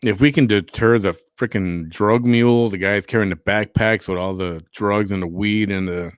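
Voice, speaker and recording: Deep-voiced man hosting a chat show. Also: fairly even intonation, normal speed, smooth, no room sound, studio quality. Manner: rambling, repeats himself. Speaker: host. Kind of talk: casual chat.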